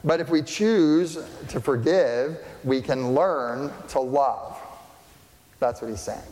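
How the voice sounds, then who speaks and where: A man preaches a sermon in an easy, conversational manner, at a middling pitch for a man. He keeps asking his listeners rhetorical questions and drops in dry jokes. His voice rings with the long reverb of a large church room. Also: takes it slowly, darkish tone. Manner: conversational, asks the congregation rhetorical questions, dry humorous asides. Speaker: pastor.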